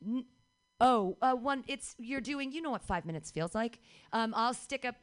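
A woman hosts a comedy show in a small bar venue. She speaks to the audience casually and quickly, rambling and talking over herself. Her voice sits slightly high. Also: expressive, a little hiss or hum. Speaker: show host. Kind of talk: casual address to a live audience.

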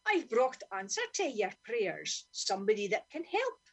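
A woman's voice: fairly high pitch, very animated, normal speed, pitched below the performer's own voice. A woman voicing a cheeky, boastful but kind male seagull, speaking in a broad Doric Scots accent. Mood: proud.

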